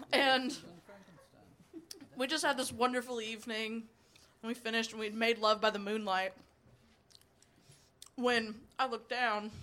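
A woman's voice: a little high, sharp tone. A woman in her twenties performing a stand-up comedy set, telling blunt, profane stories, chuckling between lines and rambling with fillers when she loses her place.

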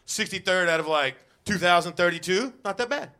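High, bright-voiced man doing stand-up. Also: brisk, a little hiss or hum. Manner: self-deprecating, rambling with fillers. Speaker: stand-up comedian. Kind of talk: stand-up comedy set.

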